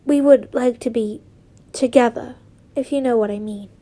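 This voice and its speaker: A woman's voice: a little high, moderate pace, mellow, lightly acted. A woman voicing a polite, earnest young male wizard student in a fan fiction reading.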